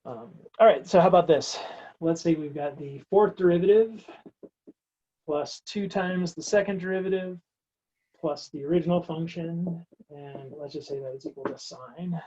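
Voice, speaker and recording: A man's voice: a little high, moderate pace, mellow, slightly rough, muffled recording. A man teaching a recorded math lecture, working through steps aloud in a casual, wry way. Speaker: math instructor.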